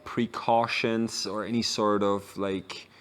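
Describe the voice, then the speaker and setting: A man's voice: on the low side, little pitch movement, slow. A man, a native German speaker, hosting a casual podcast interview in a hostel and asking loose, rambling questions. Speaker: podcast host.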